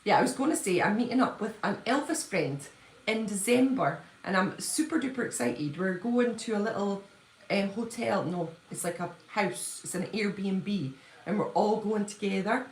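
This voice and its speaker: A woman chatting on a home live stream, bubbly and quick to gush and laugh. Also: mid-range voice, lively intonation, a little hiss or hum. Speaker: livestreaming fan-channel host. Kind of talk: casual live-stream chat. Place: at home, indoors. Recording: echoey room.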